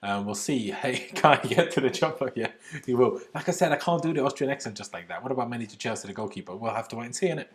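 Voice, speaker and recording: A man's voice: medium pitch, rapid-fire. A young man hosting a live stream, chatty and opinionated as he reads and answers chat questions. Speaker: YouTube channel host. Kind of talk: live stream Q&A about football.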